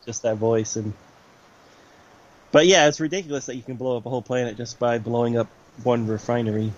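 A man co-hosting a podcast, talking in a relaxed, rambling way with many fillers. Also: mid-range voice, a little fast. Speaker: podcast co-host. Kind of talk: casual chat about comics. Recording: slightly dull lo-fi audio.

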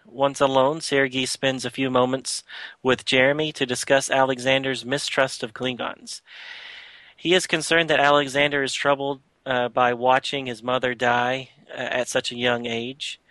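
A man's voice: mid-range voice, little pitch movement, normal speed, sharp tone, dry recording. A man hosting a podcast, casually retelling a comic book story with lots of filler words. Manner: chatty, loose retelling with frequent filler words. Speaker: podcast host.

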